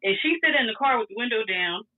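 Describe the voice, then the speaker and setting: A young woman telling a story in casual chat, animated and profane, laughing as she goes. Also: on the high side, fast talker. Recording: tinny phone-like sound.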